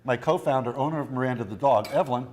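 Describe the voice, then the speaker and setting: A man's voice: mid-range voice, quick pace, a little mellow, a little hiss or hum. A man chef doing a cooking demonstration in a TV studio kitchen, joking and rambling through stories as he works. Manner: jokey, rambling storyteller. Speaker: guest chef. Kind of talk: cooking demo chat.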